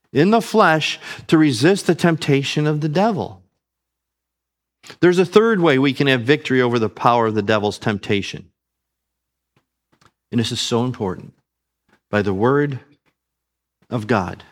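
A man preaching a sermon, earnest, calling his listeners family and asking them questions. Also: medium pitch.

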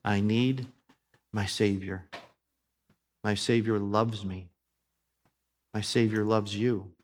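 A male pastor preaching in a church, his voice sitting a little low. He builds to emphatic, fervent peaks. Then he settles into a softer, prayerful tone. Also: fairly even intonation, takes it slowly. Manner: rising to emphatic preaching, then praying softly. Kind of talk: sermon.

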